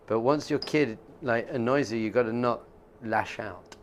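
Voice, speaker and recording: A man's voice: medium pitch, normal speed, a little hiss or hum. A man teaching as a rabbi in an informal class, conversational and jokey, often laughing and acting out quotes.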